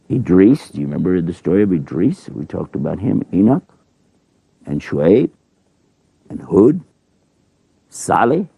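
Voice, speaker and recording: A man telling a religious story to children in a folksy, animated way. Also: low voice, gravelly, husky, no room sound, dull audio.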